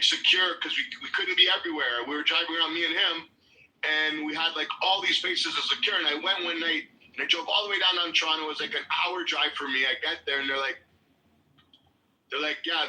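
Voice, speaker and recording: Guy on a podcast telling a wild story, bright tense voice, kinda high, cursing a lot. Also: rough recording. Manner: animated, swears a lot, acts out quotes. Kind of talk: casual storytelling.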